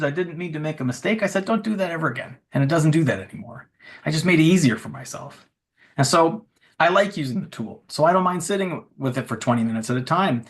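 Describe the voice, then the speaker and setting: A middle-aged man giving a frank, casual conference talk who acts out the things he says to a chatbot. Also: a little high. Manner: casual, frank, says "you know" and "just" a lot. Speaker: speaker at a tech event.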